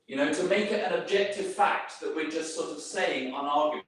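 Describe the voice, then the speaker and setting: A man's voice: on the high side, lively intonation, a little fast, hardly any pauses. A man giving an informal talk to a group, rambling through many fillers and restarts. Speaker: speaker giving a workplace talk. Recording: very echoey room, speaker far from mic.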